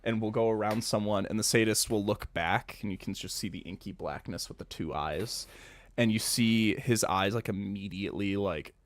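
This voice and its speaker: Young male game master, low and loose, rambling narration, dry. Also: normal speed, dry recording.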